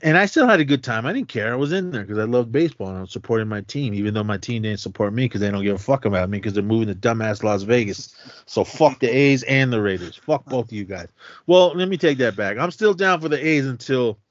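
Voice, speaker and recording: A podcast co-host with a mid-range voice talks quickly as he casually recaps a movie scene by scene, swearing a lot and laughing often in an animated, profane retelling. His lo-fi podcast mic sounds dull and dry, with no echo.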